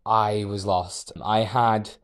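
A young man, a podcast guest, telling a personal story in a measured, reflective way with hesitant restarts. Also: lowish voice, steady tone. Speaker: podcast guest, architectural designer.

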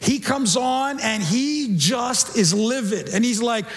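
Man, pastor, sermon, very high voice, church reverb, animated, repeats himself. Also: takes it slowly. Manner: animated, repeats words, acts out quotes. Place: church sanctuary.

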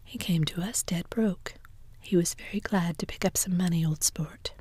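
Whispered role-play: calm earnest gentleman, whispered by a woman, husky low hush. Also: normal speed. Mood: steady. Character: earnest, composed wealthy young man.

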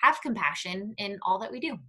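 Bright, chatty woman podcast guest. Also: mid-range voice, expressive, fairly quick, poor audio. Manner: warm, chatty, lots of fillers. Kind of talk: casual podcast chat.

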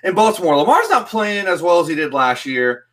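A man's voice: high-pitched, very animated, brisk, fairly bright tone. A man co-hosting a sports betting podcast, talking casually and laughing easily.

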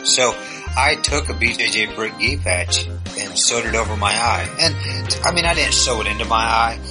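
A man co-hosting a podcast, telling absurd stories in a deadpan, joking way. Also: on the low side, normal speed, over music, low-quality recording. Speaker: podcast co-host. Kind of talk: casual podcast chat.

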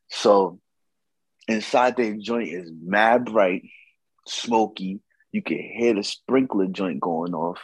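A man's voice: on the low side, husky, dry recording, poor audio. A man telling a casual story about a night out, slangy and profane, acting out what others said.

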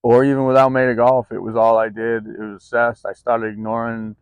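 A man's voice: mid-range voice, flat delivery, brisk, clear, resonant tone, no echo. A man talking candidly in a personal vlog, rambling and confessional with many ums and restarts, recorded outdoors in the cold. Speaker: vlogger.

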